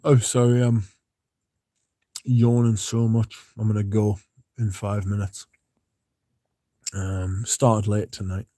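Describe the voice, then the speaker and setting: A man's voice: lowish voice, takes it slowly, long pauses, dry recording, clean studio sound. Laid-back man chatting on a livestream. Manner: relaxed, rambling, chatty with fillers. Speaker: fragrance livestream host. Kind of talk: casual livestream chat, reading comments.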